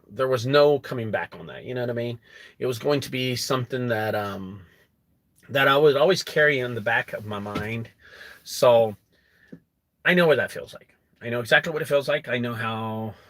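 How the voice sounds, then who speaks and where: Animated man telling a story. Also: no echo. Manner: animated, acts out quotes with rising pitch. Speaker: junk removal business owner. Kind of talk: casual storytelling to camera.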